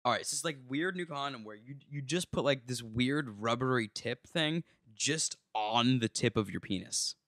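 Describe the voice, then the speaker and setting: A young man rambling through a loose podcast chat, swearing freely and wandering off track. His pitch swings widely from line to line. The sound is close and dry, with no room echo. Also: expressive, moderate pace, hardly any pauses, a bit bright. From United States. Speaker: podcast co-host. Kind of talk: casual drunk podcast chat.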